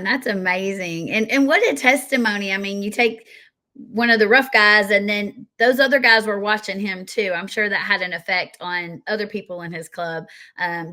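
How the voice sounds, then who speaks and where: A woman with a bright, lively tone hosts a faith-based interview. She responds with affirming, encouraging enthusiasm and steers the conversation along. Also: mid-range voice. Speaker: talk show host. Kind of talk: faith talk show interview.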